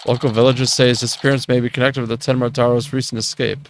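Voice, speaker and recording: A man's voice: mid-range voice, little pitch movement, fast, slight background noise, lightly acted. Guy doing a tv news reporter, formal newsreader style. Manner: formal news-reading delivery.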